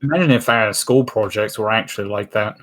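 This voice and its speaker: A man who is a guest on a casual film review podcast, explaining his points slowly and in a measured way. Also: lowish voice, fairly bright tone.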